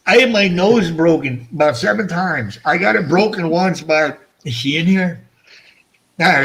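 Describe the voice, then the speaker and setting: A man's voice: high voice, a bit bright, slight background noise. A middle-aged man hosting a casual fish-keeping livestream, rambling and self-mocking, swearing freely, his speech shaped by missing front teeth. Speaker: fish-keeping channel host.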